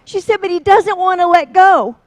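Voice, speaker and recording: A woman giving an emotional motivational talk at a seminar, slow and heartfelt, building to emphatic encouragement. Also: very high voice, dry recording, rough recording. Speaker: seminar speaker.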